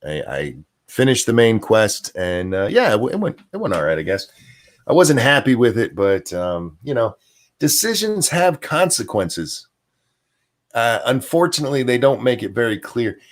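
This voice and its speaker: Very animated and moderately paced, this man's lowish voice carries a casual livestream. He meanders through viewer chat with chuckles and filler words, responding out loud to comments and donations.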